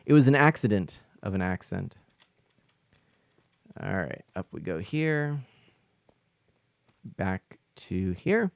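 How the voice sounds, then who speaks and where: A man's voice: sits low, big pitch swings, takes it slowly, vocal fry, long pauses, no room sound. A man chatting casually on a live stream while he plays, answering his chat as he rambles with lots of fillers and restarts.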